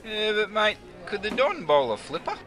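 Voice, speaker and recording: A man's voice: sits high, big pitch swings, moderate pace, sharp tone, soft background music, a faint crowd. A man with a broad Australian accent bantering with the host, asking cheeky questions. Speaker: sidekick.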